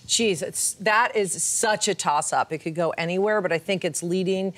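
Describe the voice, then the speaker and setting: A woman's voice: fairly low pitch, normal speed, a bit bright. A woman appearing as a magazine editor guest on a talk show, chatty and playful. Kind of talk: casual talk show interview. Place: radio studio. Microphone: studio microphone.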